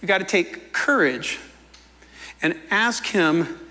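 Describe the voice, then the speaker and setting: A man preaching a sermon in a playful, animated way, acting out the quoted lines as he goes. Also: sits high, takes it slowly, long reverb tail. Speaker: pastor.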